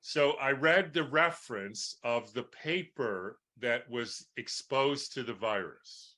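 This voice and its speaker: A man's voice: medium pitch, sharp tone. A man answering interview questions as a doctor, explaining with everyday analogies and often checking in with "right?". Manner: explains with homely analogies, keeps asking "right?". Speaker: guest doctor.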